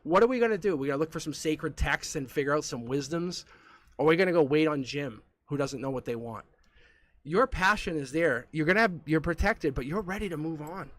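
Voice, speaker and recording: A man with a slightly higher-than-average voice reads tarot on a live stream. He talks right to the viewer in a loose, chatty way and laughs softly as he goes. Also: expressive, a little fast. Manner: chatty, addresses the viewer directly, chuckles often. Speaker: tarot reader.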